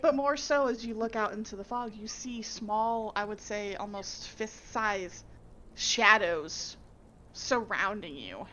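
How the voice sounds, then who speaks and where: A woman's voice: mid-range voice, takes it slowly, bright, forceful tone, a little hiss or hum, low-quality recording. A woman running a tabletop game as game master, narrating the scene vividly and laughing often.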